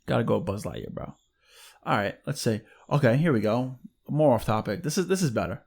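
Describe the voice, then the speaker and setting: Gravelly-voiced man in casual banter. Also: mid-range voice, lively intonation, brisk, a little mellow. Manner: laid-back, slangy banter. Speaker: podcast co-host. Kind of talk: casual chat.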